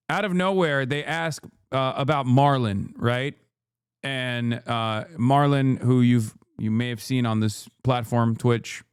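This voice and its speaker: A man's voice: medium pitch, clear, resonant tone, no echo, studio quality. A man streaming, reacting to a clip in casual, profane commentary, rambling with restarts and asides to his chat.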